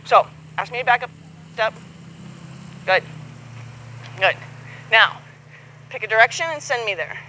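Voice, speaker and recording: A woman's voice: fairly high pitch, animated, a little slow, long pauses, sharp tone, a little hiss or hum, poor audio. A woman coaching a horsemanship student outdoors, patient and encouraging, acting out both horse and rider as she explains. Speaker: horsemanship instructor. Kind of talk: hands-on coaching.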